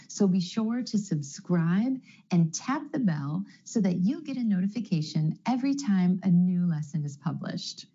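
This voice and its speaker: A woman with an American accent teaching a scripted pronunciation lesson, clear and deliberate, slowing down to model each sound. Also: mid-range voice, mellow. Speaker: accent coach. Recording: dull lo-fi video audio.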